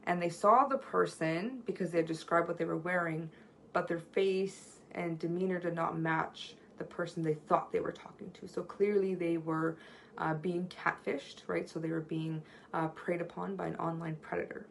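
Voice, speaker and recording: Woman presenter, low gravelly voice, earnest conversational seminar style, faint street noise behind. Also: fairly even intonation, moderate pace, rough recording. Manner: earnest, storytelling, frequent "right?" tag questions. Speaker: workshop presenter on communication. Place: at home near a street.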